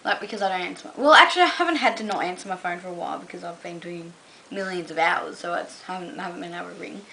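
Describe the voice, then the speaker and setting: A woman's voice: on the low side, fast, gravelly, pushed and bright, slight background noise, rough recording. A young Australian woman vlogging casually to camera, rambling with lots of "um" and "like". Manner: rambling, full of "um" and "like".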